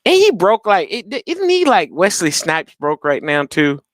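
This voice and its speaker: A young man hosting a live watch-party stream, chatting casually with his viewers and laughing loudly. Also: high voice, a little slow, dry recording, clean studio sound. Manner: animated, laughs loudly, talks to chat.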